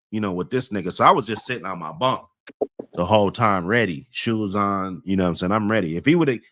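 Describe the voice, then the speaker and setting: A man's voice: medium pitch, fairly bright tone, no echo, clean studio sound. A man casually telling a long story in heavy slang, rambling with many fillers and laughing often as he talks.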